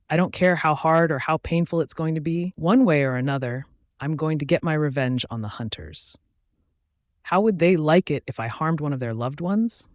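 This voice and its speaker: A man's voice: on the high side, no room sound, clean studio sound. A man narrating a first-person werewolf romance story in a dramatic storytelling reading.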